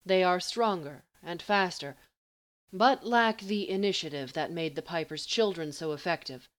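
A woman reading a story aloud in a measured, even way. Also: fairly low pitch. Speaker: narrator.

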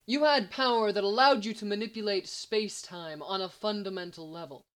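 A woman's voice: mid-range voice, fairly quick, a bit bright, lightly acted. A woman reading the lines of a smug, scheming male villain in a confident, lecturing manner.

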